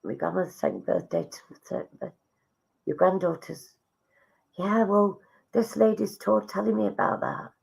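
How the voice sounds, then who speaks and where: A woman with a fairly low, gravelly voice gives live online psychic readings. She talks in a chatty, affectionate way, calling people darling as she passes on messages. Her tone is warm-hearted and conversational. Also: big pitch swings, moderate pace. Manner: chatty, calls viewers darling, relays spirit messages.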